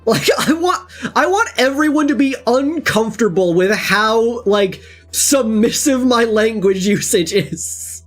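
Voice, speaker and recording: A streamer chatting casually while gaming, rambling with many fillers and frequent laughs, sometimes reading game text aloud in a lower, flatter tone. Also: a little slow, few pauses, soft background music. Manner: rambling, animated, laughs often; reads game text in a low flat tone.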